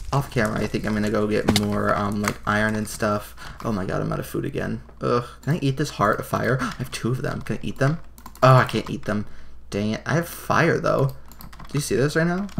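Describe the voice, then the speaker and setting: A young man hosting a let's play, excitable and gasping, leaping to high shrieks when something scares him. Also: creaky. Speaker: gaming channel host. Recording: noisy home recording with keyboard clicks.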